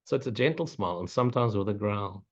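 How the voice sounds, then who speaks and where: A low-voiced man gives a spiritual Q&A talk in a blunt, profane, joking way. The recording is dull and lo-fi. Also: expressive, fast. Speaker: spiritual teacher. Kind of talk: casual Q&A talk. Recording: muffled, lo-fi recording.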